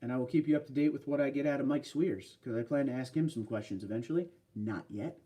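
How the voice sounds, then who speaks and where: A man's voice: medium pitch, fast talker, hardly any pauses, warm tone, far from the mic. A man hosting a casual livestream, chatting loosely and answering viewer comments. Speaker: livestream host. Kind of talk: casual live stream chat.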